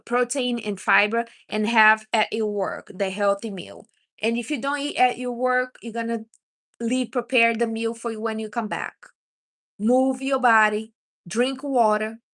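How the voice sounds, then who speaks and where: Bright-voiced woman giving blunt advice. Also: on the high side. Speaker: livestream host. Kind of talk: casual livestream chat.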